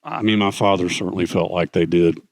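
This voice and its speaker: A man's voice: sits low, steady tone, a little fast, no echo. An older man, a guest author on stage, retells stories at length, rambling with many fillers and restarts. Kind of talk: fireside chat on stage. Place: conference stage.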